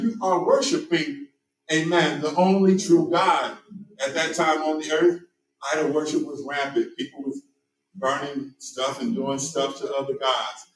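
Preaching pastor in an echoey church. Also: male voice, fairly high pitch. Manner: punctuates with amen and hallelujah. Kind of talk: sermon. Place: church sanctuary. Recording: echoey room, voice from a distance.

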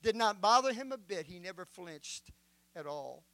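A man delivers a sermon as a bishop, with a very high, bright voice. He reads scripture slowly and with dramatic emphasis. The sound is dry and close. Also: expressive, no room sound. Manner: dramatic preaching, slow emphatic scripture reading.

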